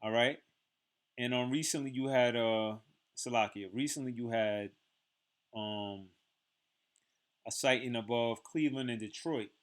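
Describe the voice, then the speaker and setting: A man's voice: medium pitch, steady tone, unhurried, long pauses, clean tone. A man teaching from the Bible in a loose, conversational way, full of fillers and restarts.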